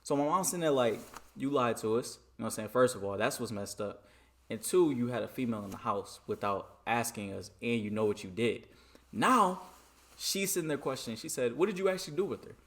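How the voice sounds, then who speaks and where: Man telling an animated storytime. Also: medium pitch, fairly quick. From Michigan. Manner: animated, keeps repeating "you know what I'm saying"; dramatic re-enacting of dialogue. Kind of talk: casual storytime vlog.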